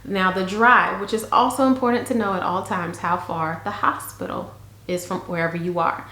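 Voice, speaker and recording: A woman's voice: fairly low pitch, normal speed. Chatty woman in an echoey room. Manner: chatty, animated, frank. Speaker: vlogger. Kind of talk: casual storytelling to camera.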